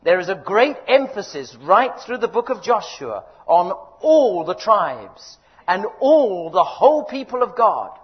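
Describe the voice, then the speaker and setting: An older man preaching a sermon, emphatic and exhorting, his voice rising loud and dropping quiet. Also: high-pitched, very animated, measured pace, slightly rough. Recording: dull lo-fi recording.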